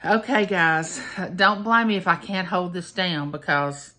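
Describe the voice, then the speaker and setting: Slow-talking chatty woman. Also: lowish voice, sharp tone. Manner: chatty, folksy, talks to viewers directly. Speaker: vlogger. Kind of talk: casual taste-test vlog.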